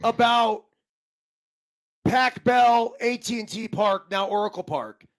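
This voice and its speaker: A man's voice: very high voice, slow pace. A former baseball player chatting casually on a podcast, rambling and swearing as he recalls games. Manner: rambling, profane, restarts a lot. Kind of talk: casual sports chat.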